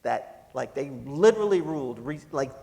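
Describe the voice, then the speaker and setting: Gravelly guy telling a story to a crowd, lots of laughing, big echoey hall. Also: fairly high pitch, moderate pace. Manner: animated, laughing, acts out quoted voices. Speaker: panel speaker. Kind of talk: storytelling to an audience. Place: lecture hall.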